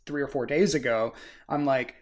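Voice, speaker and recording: A man's voice: mid-range voice, fairly even intonation, moderate pace. A man co-hosting a casual book discussion, rambling and filling his talk with "like" and "you know". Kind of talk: casual chat.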